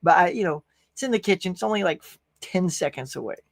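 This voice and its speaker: A man's voice: high-pitched, lively intonation, quick pace, creaky, dry recording. A man hosting a casual movie-talk livestream, reading viewer comments aloud and bantering with the chat. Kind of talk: casual live-stream chat.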